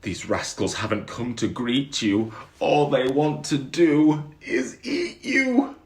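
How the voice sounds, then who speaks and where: A man's voice: medium pitch, expressive, slow, roomy sound, pitched above the performer's own voice. A man doing a nervous, fretful child. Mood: worried. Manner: anxious, pleading.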